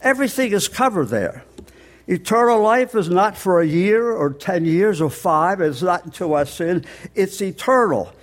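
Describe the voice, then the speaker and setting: Older man preaching with a high voice. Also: animated. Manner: plain teaching tone, slows on key words, explains scripture step by step. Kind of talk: sermon.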